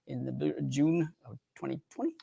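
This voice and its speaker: A man from Canada co-hosting a fishing show livestream in casual chat, animated and quick to laugh as he reads out winners. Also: mid-range voice, gravelly, slightly rough.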